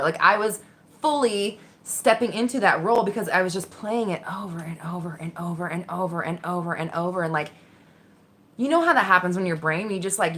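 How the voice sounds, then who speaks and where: A woman telling a personal story casually, candid and animated, swearing freely and acting out the voices in her head. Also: fairly low pitch. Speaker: vlogger.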